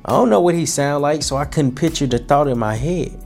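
A man's voice: on the high side, brisk, creaky, a little mellow, soft background music. A young man hosting a podcast, giving an earnest, colloquial motivational talk with frequent restarts and repetitions. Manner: earnest, repeats himself, colloquial. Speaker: podcast host.

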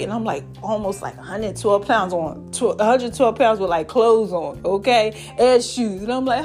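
A woman hosts a personal storytelling podcast, her voice sitting a little high. She talks in a conversational, emotional way, acts out the voices of her family, and slips into preacher-like encouragement. Faint music plays underneath. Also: brisk, a little mellow. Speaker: podcast host.

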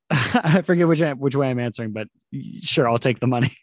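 A man's voice: medium pitch, a little fast, no echo, studio quality. A man in his thirties, a comedian guest on a casual podcast, rambling with frequent laughs. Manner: laughing, rambling, slips into mock voices.

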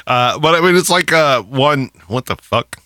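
With a medium-pitched, expressive, sharp-toned voice at normal speed, this thirty-something podcast co-host rambles through stories in casual banter. He laughs often and swears plenty, recorded dry with clean studio sound.

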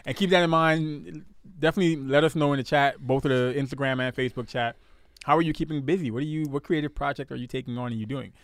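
A man's voice: mid-range voice, steady tone, fast talker, dry recording. A young man casually hosting a live stream with his fiancée, teasing her and greeting viewers, often repeating words as he talks. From Guyanese heritage.

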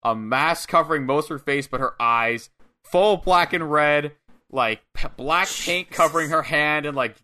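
Wry, bright-voiced young man podcasting. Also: on the high side, a little slow. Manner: wry, profane commentary. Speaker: wrestling podcast co-host. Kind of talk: casual podcast chat.

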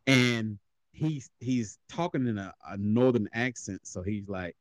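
A man hosting a casual podcast chat, telling stories with lots of laughing and quick impressions. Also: on the low side, no room sound. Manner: animated storyteller, laughs often, mimics voices. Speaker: podcast host.

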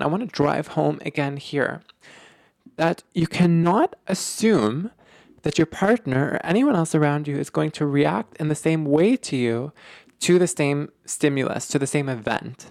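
A podcast host explaining relationship ideas in casual, animated talk, full of fillers, restarts and emphatic repeats. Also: mid-range voice, dry recording, clean studio sound. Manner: animated, emphatic, lots of filler words and repetition.

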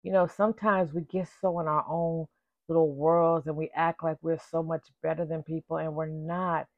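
Chatty hoarse woman, slightly low voice. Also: normal speed, dry recording. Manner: animated, chatty, calls listeners "baby" and "y'all". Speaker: vlogger. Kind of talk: casual chat to viewers. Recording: dull lo-fi dry recording.

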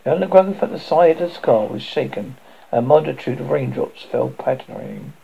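A man reads a novel aloud in a husky, gravelly voice pitched a little high. His delivery swings with lively pitch, and he trips and corrects himself now and then. The recording sounds dull and lo-fi. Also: brisk. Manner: animated reading with slips and self-corrections. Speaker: narrator.

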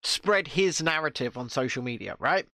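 A man's voice: medium pitch, expressive, moderate pace, creaky, bright, forceful tone, no room sound, studio quality. A man co-hosting a casual chat who talks bluntly and profanely, with stammered restarts and frequent laughter. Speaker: podcast co-host.

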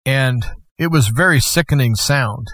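A man's voice: mid-range voice, a bit bright, no room sound. Earnest man telling his story, dry sound. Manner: earnest, slow and measured storytelling. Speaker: guest host. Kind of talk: personal testimony.

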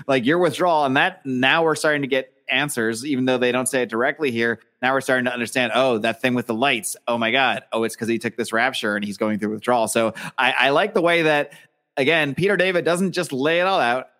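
A man's voice: medium pitch, fairly bright tone. A man co-hosting a podcast, talking enthusiastically about comics and thinking aloud with many restarts. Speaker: podcast co-host. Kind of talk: casual comic book discussion.

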